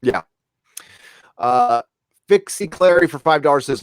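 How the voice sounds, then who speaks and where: A man's voice: a little high, sing-song, unhurried, gravelly, pauses often, no echo, clean studio sound. A man hosting a casual live stream from home, talking bluntly and rallying his viewers. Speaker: livestream host. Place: home room.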